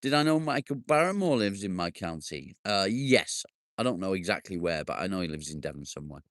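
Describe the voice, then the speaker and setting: A man with a lowish voice chats with viewers on a live stream from outdoors in his garden. He banters, jokes and swears casually as he answers comments. The sound is close and dry. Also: very animated, brisk, no room sound. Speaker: livestream host.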